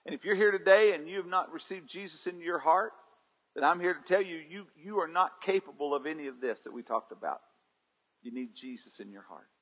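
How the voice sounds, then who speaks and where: A man's voice: fairly high pitch, lively intonation, fairly quick, fairly bright tone, breathy edge. A pastor preaching a sermon, calling on his congregation to answer him back and rising and falling in intensity. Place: church sanctuary. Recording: dull livestream audio in a reverberant sanctuary.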